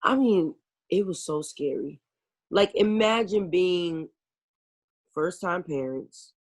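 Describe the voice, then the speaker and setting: A woman singer appears as a guest on a talk show via video call, her voice lowish and slow. In this casual interview she speaks earnestly and emotionally, often leaning on "you know."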